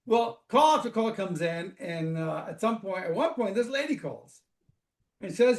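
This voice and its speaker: A man from Africa gives a storytelling talk as a guest speaker. His voice sits high and his delivery is animated and conversational, with frequent restarts. The room has a strong echo. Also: unhurried. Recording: echoey room.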